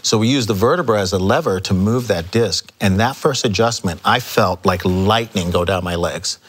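A man telling stories as an interview guest, acting out quoted dialogue with lively energy. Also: lowish voice, moderate pace, husky. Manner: animated storyteller, acts out quoted dialogue. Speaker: chiropractor guest. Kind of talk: casual storytelling interview.

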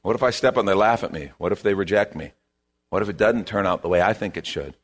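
A man preaching a sermon as a pastor, in an animated, conversational way, repeating his key phrases. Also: on the low side, quick pace.

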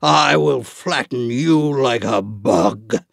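A man booming as a scornful giant warrior. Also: vocal fry, dry recording, studio quality. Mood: threatening. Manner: slow, loud, scornful taunting.

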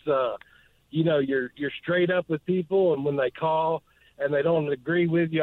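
A man's voice: a little high, dry recording. Guy calling in over a tinny phone line, earnest, lots of uhs, dry sound. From northeast Georgia. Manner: earnest, halting, many fillers. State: emotional. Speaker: caller. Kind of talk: call-in radio chat.

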